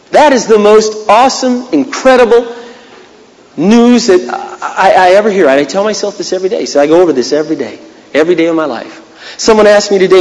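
Animated high-voiced male preacher. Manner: animated, conversational, acts out little scenes. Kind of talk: sermon. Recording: long hall reverb.

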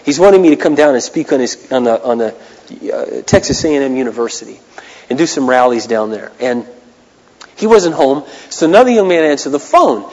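A man preaching a sermon as a pastor, impassioned, swinging between loud declarations and hushed asides. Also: mid-range voice, big pitch swings, a little fast, big-room sound, lo-fi sound.

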